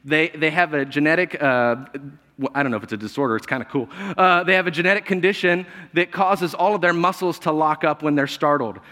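Male pastor, conversational sermon, chuckles a lot, slightly high voice, long church reverb. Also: fairly quick, sharp tone. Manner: conversational and humorous, laughs often, restarts.

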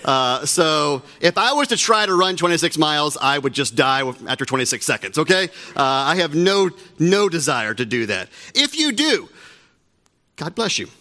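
Bright-voiced joking male pastor. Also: fairly high pitch, sing-song, normal speed. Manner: joking, conversational, self-deprecating asides. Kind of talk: sermon. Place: church sanctuary.

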